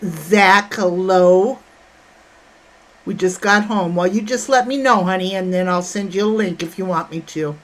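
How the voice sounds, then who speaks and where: A woman's voice: mid-range voice, a little slow. A woman hosting a casual livestream from home, greeting chat viewers by name and calling them honey and sweetheart. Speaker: livestream host.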